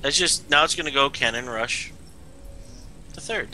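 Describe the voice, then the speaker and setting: Casual male co-caster, sharp bright tone, confident and offhand. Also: mid-range voice, normal speed, slight background noise, poor audio. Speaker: esports co-caster. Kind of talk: color commentary on a game.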